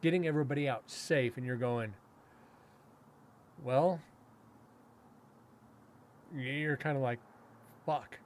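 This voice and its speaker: A man's mid-range voice carries a long, rambling story, with some hiss or hum in the background. Host of a podcast and a paranormal investigator, he uses lots of fillers, restarts himself, chuckles, and acts out others' words in quick quotes.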